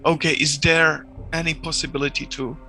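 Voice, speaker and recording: Gravelly, bright-voiced male player. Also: on the high side, level tone, soft background music. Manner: halting, non-native phrasing. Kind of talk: casual tabletop play.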